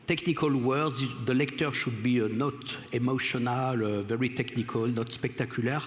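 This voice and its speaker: A man with a French accent giving a conference lecture, speaking haltingly with many pauses and fillers. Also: mid-range voice. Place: large lecture hall. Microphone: stage microphone. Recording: echoey lecture hall with long reverb.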